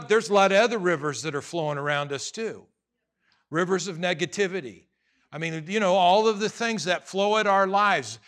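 Male pastor, bright slightly high voice, chatty joking sermon delivery. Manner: conversational preaching with humor and acted asides.

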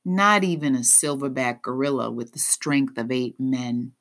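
A woman narrating an audiobook in the first person with expressive, unhurried storytelling. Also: very deep voice.

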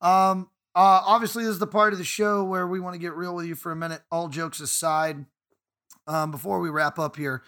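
A man's voice: fairly high pitch, fairly even intonation, normal speed, fairly bright tone. A man co-hosting a casual podcast, ranting emphatically and swearing freely. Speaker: podcast co-host.

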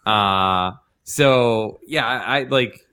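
A man's voice: mid-range voice, drawn-out words, sharp tone, clear, resonant tone. A man, a guest who does improv, chatting casually and rambling through stories full of fillers. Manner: rambling storyteller, heavy "like" fillers, acts out quotes. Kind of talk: casual podcast chat.

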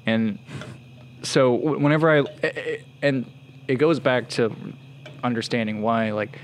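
A young man co-hosting a podcast, talking in a loose, rambling way. He is blunt and swears freely. His voice sits at a middle pitch. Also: a little slow, slight background noise. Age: young adult. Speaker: podcast co-host. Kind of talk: casual chat.

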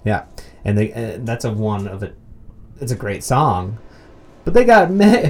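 A man casually talking through a film, swearing freely and jumping into loud, excited mock outbursts. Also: lowish voice, unhurried, pauses often. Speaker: movie commentary co-host. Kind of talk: casual film commentary chat.

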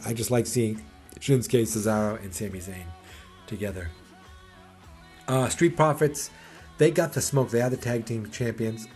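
A man's voice: mid-range voice, a little mellow. Man, podcast host, rambling, sarcastic, filler-heavy, faint music underneath. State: hiccups. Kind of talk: casual wrestling preview chat.

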